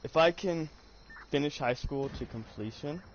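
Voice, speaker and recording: A man's voice: fairly high pitch, measured pace. A teenage boy chatting while he plays an online game, rambling and joking with lots of fillers, on a headset mic. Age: teens. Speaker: gamer and streamer. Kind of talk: casual gaming chat. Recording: dull lo-fi sound, faint noise.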